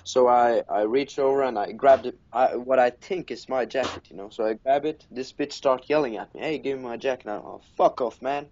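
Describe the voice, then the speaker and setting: A man's voice: medium pitch, fairly quick, hardly any pauses, a little mellow. Man from norway, mid-range voice, crude swearing, self-mocking storyteller, muffled lo-fi sound. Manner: crude, profane, laughs at his own mishaps. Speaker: podcast co-host. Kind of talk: casual storytelling chat. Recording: dull lo-fi audio.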